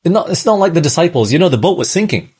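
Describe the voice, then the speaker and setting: A man's voice: a little high, sing-song, racing, a little mellow, breathy edge. A man preaching a sermon, earnest and repetitive, often putting rhetorical questions to his listeners. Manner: earnest, repeats phrases, asks the congregation rhetorical questions.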